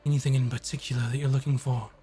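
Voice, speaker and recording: A man's voice: medium pitch, little pitch movement, rapid-fire, dark tone, faint music behind, natural voice. Fussy formal male tailor, played by the game master, polite but proud. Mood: businesslike. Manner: polite, formal, a bit stiff.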